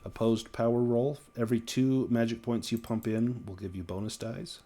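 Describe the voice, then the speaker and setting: A man acting as game master, narrating a tabletop horror game in a measured, descriptive way. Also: medium pitch, steady tone, warm tone.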